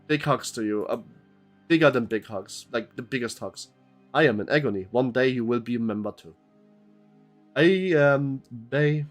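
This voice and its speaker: At normal speed and medium pitch, a young man streaming a game makes chatty, joking, meandering conversation with viewers, reads the game's text aloud, thanks chat members, and swears, with faint music behind.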